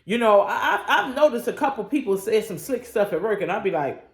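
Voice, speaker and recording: A woman's voice: medium pitch, lively intonation, brisk. A woman leading a morning devotion on her own channel, preaching with call-and-response energy and folksy asides. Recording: roomy echo.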